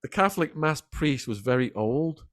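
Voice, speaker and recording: A middle-aged man, a podcast guest telling animated stories in a casual interview. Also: a little high, no room sound, studio quality. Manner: animated, quick anecdotal storytelling. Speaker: podcast guest, former prisoner.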